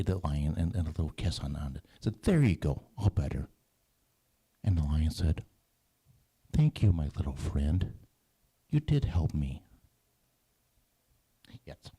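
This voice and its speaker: A man telling a story to children at a church service, animated and halting, often restarting phrases. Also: rumbling low, slightly rough. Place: church sanctuary.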